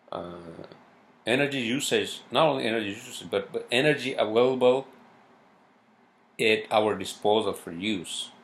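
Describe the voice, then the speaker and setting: Casting note: man, low and gravelly, swearing casual podcast host who rambles. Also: slight background noise. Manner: profane, meandering, lots of fillers. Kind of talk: rambling solo podcast monologue.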